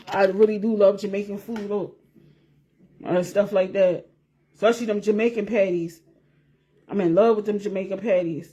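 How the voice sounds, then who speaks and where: Medium in pitch with a darkish, breathy edge, this woman vlogger chats casually to camera for her viewers. She rambles and repeats herself, laughing as she goes and swearing freely.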